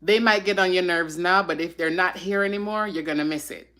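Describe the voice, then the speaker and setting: On a laid-back live stream, a woman with a lowish, slightly bright voice reflects openly and emotionally. Her heartfelt talk is frequently broken by sighs and filler words.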